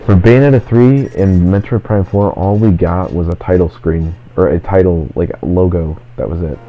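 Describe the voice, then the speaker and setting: A man's voice: low-pitched, normal speed. A man chatting casually while playing a video game, rambling and filling his talk with "like". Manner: rambling, constant "like" fillers. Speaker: let's play host. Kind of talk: casual gaming chat. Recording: dull lo-fi recording. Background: faint game music.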